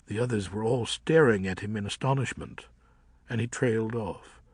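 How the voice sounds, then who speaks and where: A man narrating an audiobook in a measured, expressive storybook style. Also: on the low side, husky, no echo, clean studio sound.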